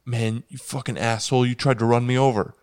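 A man's voice: medium pitch, level tone, brisk, a little mellow, clear, resonant tone, lightly acted. A man voicing an angry stranger who is close to tears and hurls insults at him. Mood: hostile. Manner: angry and hostile. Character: angry, tearful man accusing a driver.

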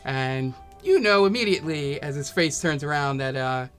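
A man narrates as game master in a tabletop game, pausing often and filling gaps with "um". His voice is slightly high and bright. Faint music plays behind him. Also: expressive. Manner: halting, many fillers.

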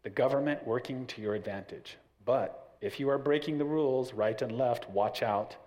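A man's voice: mid-range voice, normal speed, darkish tone. A man giving a church parenting talk, explaining his points through stories with acted-out voices. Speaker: parenting class teacher.

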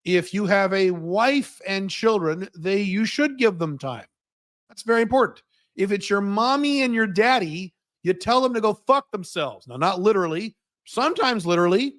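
Blunt, profane American man, high voice. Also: animated, moderate pace, fairly bright tone. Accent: General American. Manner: blunt and profane, with mocking impressions. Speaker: host answering viewer questions. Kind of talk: livestream Q&A monologue. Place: living in Dubai.

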